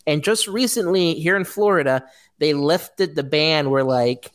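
A woman with a notably low voice holds forth on a casual podcast. She rants bluntly, cursing freely and mocking what annoys her. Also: a little slow. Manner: blunt, profane ranting. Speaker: podcast co-host. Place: Florida.

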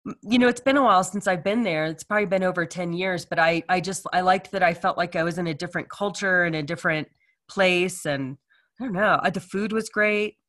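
A middle-aged woman co-hosting a casual chat, talking in a chatty, halting way with many fillers. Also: on the low side, a bit bright. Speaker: co-host. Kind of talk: casual chat, reading reviews aloud.

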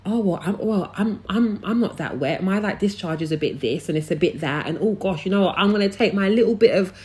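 A woman's voice: medium pitch, animated, fairly quick, darkish tone, natural voice. A woman doing an insecure young girl. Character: insecure young girl, worried and self-doubting.

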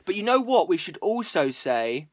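A man's voice: high-pitched, very animated, normal speed. A man streaming to viewers as a musician, rambling casually with plenty of swearing and jokes. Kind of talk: casual livestream chat.

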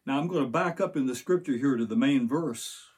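A man's voice: mid-range voice, brisk, darkish tone, husky. An older man, a pastor, preaching a sermon and reading scripture aloud in an earnest way.

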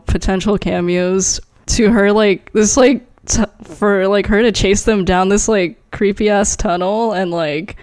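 A young woman at a mid pitch chats eagerly on a podcast. She swears casually, laughs between phrases, and strings thoughts together with "like." The sound is close and dry. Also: clean tone, no echo. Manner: animated, laughing, swearing, heavy use of "like". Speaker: podcast co-host. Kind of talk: casual chat.

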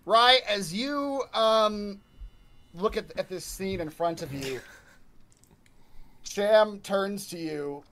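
A man with a high voice narrates a tabletop horror game as game master. He describes each scene in a halting, filler-heavy way as he thinks it through. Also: sharp tone.

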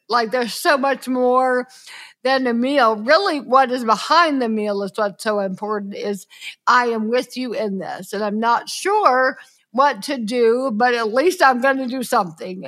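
Bright high-voiced woman, earnest. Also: a little slow. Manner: earnest, emphatic, acts out quoted speech. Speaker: podcast host. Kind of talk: casual conversation.

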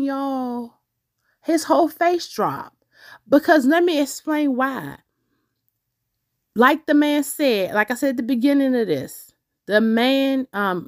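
A woman hosting a podcast, telling a personal story in a casual, animated way and talking straight to her listeners. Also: fairly high pitch. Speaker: podcast host.

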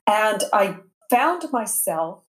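A woman's voice: mid-range voice, very animated, takes it slowly. A woman coach speaking as a guest in a podcast interview over a video call, playful and upbeat. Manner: playful and upbeat, laughs easily. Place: home in Vancouver.

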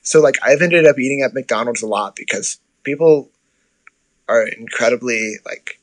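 A man's voice: mid-range voice, moderate pace, low-quality recording. A man from the United States chatting casually about life abroad, with lots of fillers and self-corrections. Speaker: guest describing life abroad. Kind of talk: casual conversation.

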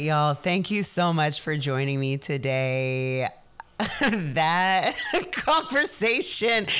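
A woman's voice: deep voice, clear, resonant tone. A woman hosting a podcast interview, effusive and encouraging, who says "y'all" to her listeners. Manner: warm, effusive, drawls "y'all". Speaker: podcast host. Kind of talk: casual interview chat.

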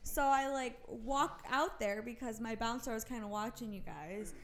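A young woman telling a story to friends in a casual, animated way, laughing as she talks. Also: on the high side, moderate pace.

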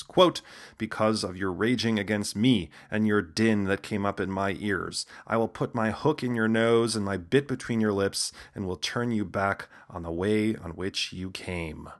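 A man's voice: on the low side, a bit bright. Wry man narrating with casual asides. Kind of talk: humorous scripted narration.

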